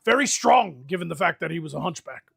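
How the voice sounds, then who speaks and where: A man hosting a livestream fantasy role-play, delivering a rambling, mock-solemn eulogy with animated comic timing. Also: on the high side, fast, creaky, husky. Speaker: host leading an improvised fantasy guild meeting.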